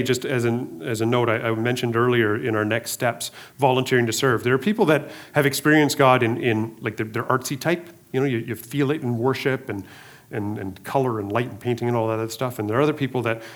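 A middle-aged male pastor giving a casual sermon in a conversational way, often repeating words and restarting, with joking asides. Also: mid-range voice.

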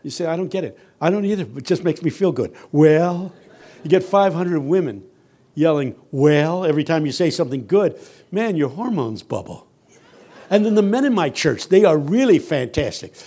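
A man giving a sermon as a guest preacher, telling humorous stories that build from quiet, earnest passages to loud, shouting ones. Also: on the high side, very animated, fairly quick, breathy edge. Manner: humorous, teasing the audience.

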